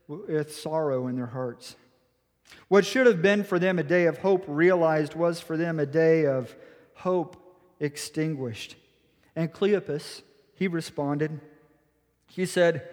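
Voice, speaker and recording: High-voiced male pastor in a reverberant hall. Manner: expressive storytelling, acting out the disciples' lines. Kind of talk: sermon.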